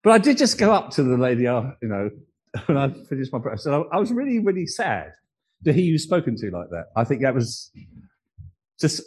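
A man's voice: medium pitch, huge pitch swings, fairly quick, a little mellow, slightly rough, poor audio. A man preaching a sermon, earnest and emotional, telling personal stories.

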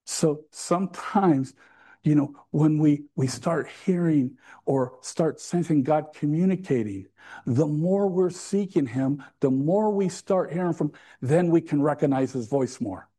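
A man's voice: fairly high pitch, a little slow, mellow. A man preaching a sermon to a congregation in a conversational way, with asides and jokes. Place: church.

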